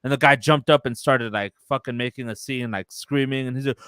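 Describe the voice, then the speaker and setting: A man's voice: medium pitch, steady tone, fairly quick, a bit bright, clear, resonant tone, no room sound, studio quality. Laid-back young man telling a story. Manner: retells a story with quoted voices, loose and profane. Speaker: podcast co-host. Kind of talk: casual storytelling.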